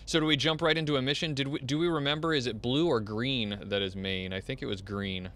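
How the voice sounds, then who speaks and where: A man's voice: mid-range voice, brisk, fairly bright tone. A man chatting casually while playing an online game with friends, rambling and restarting his sentences. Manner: rambling, restarts, laughs often. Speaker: gamer on a playthrough show. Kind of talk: casual gaming chat.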